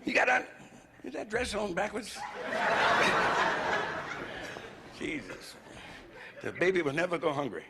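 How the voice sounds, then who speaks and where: A gravelly American comedian working a club crowd with a brash, profane swagger. His pitch swings widely as he talks, sitting a touch higher than most men's. It comes through a hissy old 1970s live concert recording. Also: wildly swooping pitch, slow pace, long pauses. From United States. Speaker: stand-up comedian. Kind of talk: live stand-up routine.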